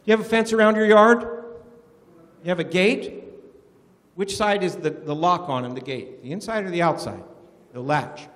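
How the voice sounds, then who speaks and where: Animated preacher in an echoey hall. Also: male voice, sits high, normal speed, pauses often. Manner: animated, asks the congregation questions. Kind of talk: sermon.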